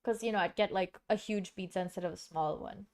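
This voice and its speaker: A woman from Singapore streams from home, chatting casually and rambling with many fillers and restarts. Her mid-range voice is a little mellow and moves fairly quickly.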